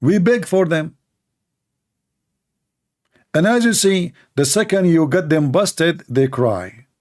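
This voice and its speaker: A man hosting a live call-in debate stream, talking in a heated, mocking way, his voice hoarse from shouting. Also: on the high side, lively intonation, slow pace.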